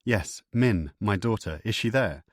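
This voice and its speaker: A tense, desperate father in a storybook thriller, speaking in urgent, clipped bursts, as a low-voiced male narrator reads him. The voice sits deep and is recorded close and dry. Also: lively intonation, measured pace, no room sound.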